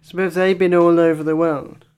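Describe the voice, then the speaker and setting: A woman co-hosting a podcast, chatting casually with quick, giggly wit and playful reactions. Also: lowish voice, little pitch movement, a little mellow, clean tone. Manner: quick-witted, giggly, reacts with gasps and laughs. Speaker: podcast co-host. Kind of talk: casual comedic chat.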